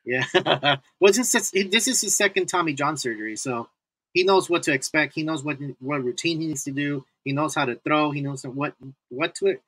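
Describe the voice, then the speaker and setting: A man's voice: fairly high pitch, bright, forceful tone, no echo, low-quality recording. A man co-hosting a casual fantasy baseball podcast, laughing often and restarting his sentences. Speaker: podcast co-host. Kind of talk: casual sports chat.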